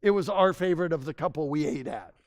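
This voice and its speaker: A man with a noticeably high voice presents to a room of locals. He tells his stories with gushing enthusiasm, rambling and restarting his sentences as he goes. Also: fast, a little mellow. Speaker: presenter giving a town assessment. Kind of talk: live presentation to a local audience.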